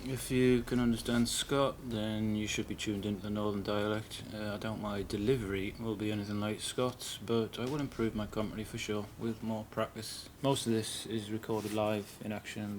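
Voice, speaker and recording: This video game guide maker speaks in a lowish, darkish voice with a northern English accent, being from northern England. It's his casual first-time commentary, hesitant and a little nervous, full of ums and uhs, with a bit of hiss or hum in the audio.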